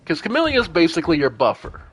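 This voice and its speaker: A man's voice: on the high side, quick pace, slight background noise. A man streaming a strategy role-playing game, talking casually through each party member's turn as he plays. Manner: talks through party turns aloud, animated exclamations. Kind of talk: casual gameplay commentary.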